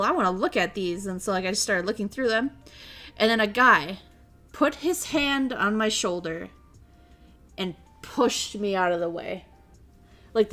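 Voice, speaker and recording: A woman's voice: mid-range voice, fairly bright tone. A young woman from Minnesota, a streamer telling stories in casual chat, rambling and swearing freely. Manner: rambling, profane storytelling.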